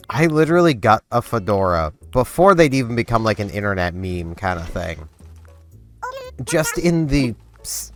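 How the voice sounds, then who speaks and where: A man casually chatting through a life-sim game in a relaxed, rambling way. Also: lowish voice. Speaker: gaming channel host. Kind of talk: casual gameplay commentary.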